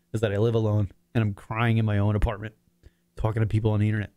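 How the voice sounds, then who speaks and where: A man's voice: fairly low pitch, completely flat delivery, fast talker, a little mellow, dry recording. A man in his forties hosting his own talk show from his apartment, rambling and swearing as he fights back tears. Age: 40s. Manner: rambling, profane, choked up near tears. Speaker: podcast host. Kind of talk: emotional casual monologue.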